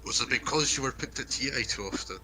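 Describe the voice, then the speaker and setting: A man's voice: mid-range voice, fast, a crowd in the background. A man playing a tabletop role-playing game over voice chat, joking and laughing between remarks. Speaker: player.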